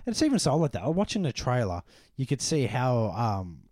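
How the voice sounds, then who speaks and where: Animated, rambling man co-hosting. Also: medium pitch, normal speed, no echo, studio quality. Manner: animated, rambling, frequent "you know". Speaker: podcast co-host. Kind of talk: casual film discussion.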